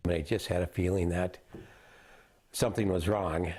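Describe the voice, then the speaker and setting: A middle-aged grandfather in a news interview, speaking in a halting, pained way. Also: low voice, fairly even intonation, a little mellow, slightly rough.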